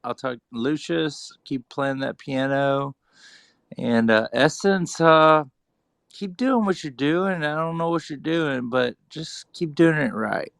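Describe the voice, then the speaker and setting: A man in casual group chat, earnest and halting with many fillers. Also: a little high, gravelly, fairly bright tone, clear, resonant tone, dry recording, studio quality. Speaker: group audio chat participant.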